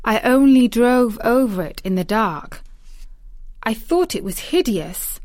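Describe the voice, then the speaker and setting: A stubborn young girl speaks up with blunt insistence, voiced by a woman reading a storybook aloud. Her lines come slowly and a bit higher than the narration. The recording is dry and close. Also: sing-song, a little mellow, dry recording. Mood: insistent.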